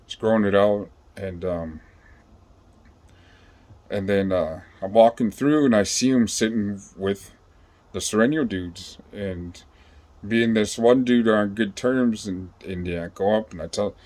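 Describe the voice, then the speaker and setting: Man, lowish voice, loose storytelling, lots of restarts and cursing. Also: unhurried, darkish tone. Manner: rambling, profane, full of fillers and restarts. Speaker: vlogger telling his own story. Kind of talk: casual storytelling.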